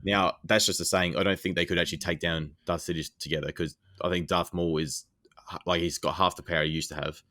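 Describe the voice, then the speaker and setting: A man's voice: low-pitched, fast, no echo, clean studio sound. A man co-hosting a podcast, eagerly retelling scenes in casual chat with lots of fillers. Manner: excited, rambling scene retelling with many fillers. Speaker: podcast co-host.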